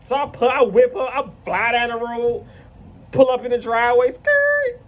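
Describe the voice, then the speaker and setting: A man's voice: very high voice, moderate pace. A man casually telling a rambling, profane story to camera. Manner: rambling, profane, animated retelling.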